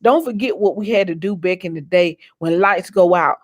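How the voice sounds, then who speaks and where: A woman's voice: fairly low pitch, moderate pace. Woman preaching to her viewers on her vlog, folksy, repeats herself, encouraging. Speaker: inspirational vlogger. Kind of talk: faith-based motivational monologue.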